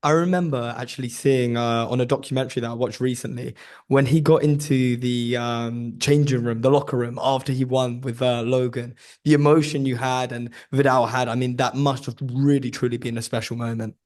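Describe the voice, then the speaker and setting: A man's voice: medium pitch, fairly even intonation, fairly quick, darkish tone. A man hosting a podcast interview, asking short questions about a fight camp. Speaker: podcast host.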